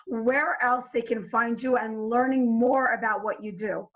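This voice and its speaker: A woman's voice: on the high side, a little slow. Woman host, dull lo-fi sound. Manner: brief affirming replies. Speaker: podcast host. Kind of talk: interview hosting. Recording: dull lo-fi audio.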